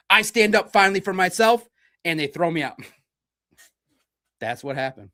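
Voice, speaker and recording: A man's voice: high-pitched, animated, unhurried, pauses often, pushed and bright. A man from Detroit hosting a livestream sports podcast, talking in a blunt, combative and profane way. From Detroit, United States.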